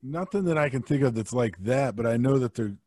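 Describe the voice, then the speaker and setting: A man's voice: medium pitch, animated, fairly quick, a little mellow. A man guest on a podcast, chatting casually and joking, sometimes singing bits of songs. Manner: jokey, sings snatches of songs. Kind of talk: casual chat.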